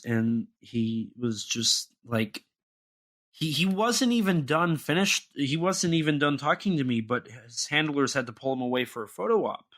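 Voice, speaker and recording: A man's voice: mid-range voice, a bit bright. A young man co-hosting a podcast, talking in a casual, rambling way with many restarts and fillers. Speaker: podcast co-host.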